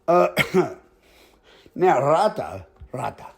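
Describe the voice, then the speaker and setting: A man voicing a stern middle-aged male neighborhood boss who talks slowly and threateningly, slipping in Spanish phrases. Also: fairly high pitch, sing-song, creaky, husky, heavily acted.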